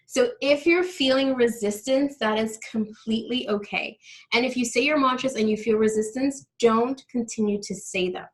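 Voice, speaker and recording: A woman's voice: on the high side, normal speed, low-quality recording. A woman teaching a live online workshop on money mindset, explaining steps and speaking directly to her audience.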